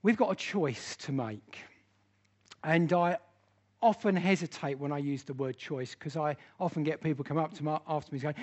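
A man's voice: on the high side, normal speed, darkish tone, highs cut off. A man teaching a church Bible study class, speaking earnestly and with emphasis.

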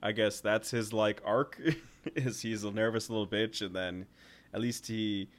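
A young man co-hosting a movie podcast in casual chat, rambling with many fillers and acting out scenes in quick voices. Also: fairly low pitch, fairly even intonation. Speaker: podcast co-host.

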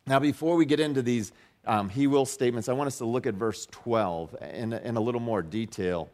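A man delivers a sermon in an easygoing, conversational way, his voice sitting in a middle pitch. He stumbles and restarts often, then rises and presses harder on the verses he quotes. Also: a little fast, darkish tone. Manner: conversational, many restarts and fillers, rising emphasis on quotes. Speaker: pastor.

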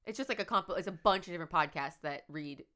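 Woman, podcast co-host, casual chat, chatty, laughs easily, lowish voice. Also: quick pace, bright, forceful tone.

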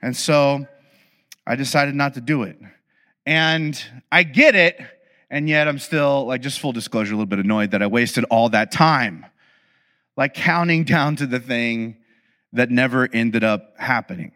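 A man giving a conversational storytelling talk to an audience, animated and humorous, with confiding asides. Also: mid-range voice, a little slow. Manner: animated, acts out quoted dialogue. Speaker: speaker addressing an audience.

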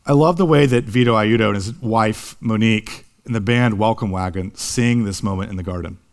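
A young man preaching a sermon in an earnest way, slowing down on key words and rising at the high points. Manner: earnest, slows for emphasis, rises in pitch at high points. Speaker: pastor.

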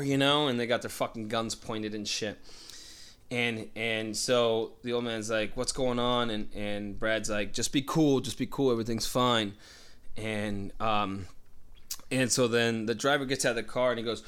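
A man's voice: mid-range voice, steady tone, normal speed, a bit bright, clear, resonant tone. A man telling a long story in casual chat, swearing a lot and acting out the voices of the people in it. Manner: profane, rambling, acts out voices.

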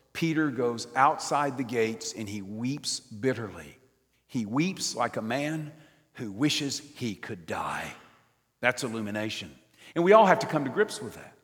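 An older man delivers a sermon in a church nave, his voice trailing off in a long hall reverb. He swings between loud, emphatic lines and hushed, almost whispered ones, with a mid-pitched voice. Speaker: preacher.

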